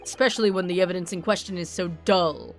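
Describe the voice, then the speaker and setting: A woman voicing a haughty male lord chief justice in a game read-through, lowering her voice. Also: quick pace, soft background music, lightly acted. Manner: haughty, dismissive.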